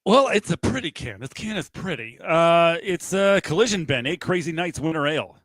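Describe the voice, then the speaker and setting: A jokey co-host with a fairly high voice and a lively, bouncing delivery. He talks casually and laughs easily as he banters with his partner. The sound is dry and close to the mic. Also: normal speed, no echo. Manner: animated and jokey, laughs often. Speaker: podcast co-host. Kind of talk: casual sports talk show chat.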